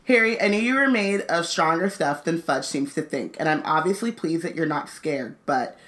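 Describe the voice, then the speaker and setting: A woman's voice: low-pitched, lively intonation, moderate pace, a bit bright. A woman reading as an anxious wizard dad. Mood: earnest. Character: kind, anxious middle-aged wizard father.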